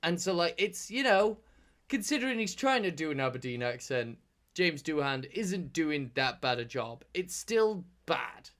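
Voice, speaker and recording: A man's voice: on the high side, big pitch swings, a little slow, a bit bright. Rambling, swearing male podcast co-host. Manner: rambling, restarts often, swears casually. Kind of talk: casual chat.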